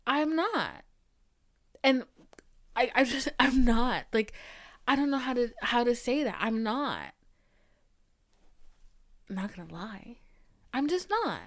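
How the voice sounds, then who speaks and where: A woman's voice: fairly high pitch, a bit bright. A young woman in her twenties hosting a solo podcast, ranting bluntly and with exasperation, sometimes dropping into whispers and swearing. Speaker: podcast host. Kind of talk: casual solo podcast rant.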